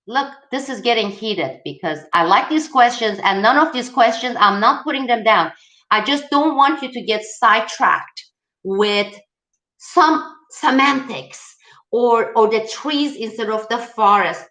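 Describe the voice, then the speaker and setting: Woman host fielding viewer questions, rallying and animated, voice on the high side. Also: echoey room, rough recording. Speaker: host of a political video channel. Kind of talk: live-style viewer Q&A.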